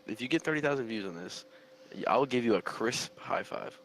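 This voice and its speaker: A man's voice: medium pitch, animated, a little fast, fairly bright tone, slight background noise, poor audio. A man in a casual gaming chat, teasing his friends in playful banter.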